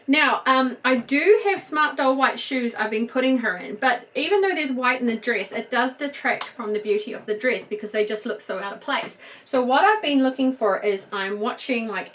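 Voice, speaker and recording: A middle-aged woman with a New Zealand accent, chatting casually as she dresses a doll, soft and gushing with murmured asides. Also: fairly high pitch, rough recording. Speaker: doll collector. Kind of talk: casual show-and-tell chat.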